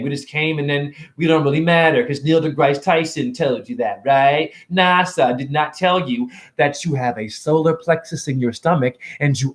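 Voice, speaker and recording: A middle-aged man, a self-styled spiritual teacher, giving a profane, confrontational freestyle lecture. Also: on the high side. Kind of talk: freestyle preachy rant. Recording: echoey room.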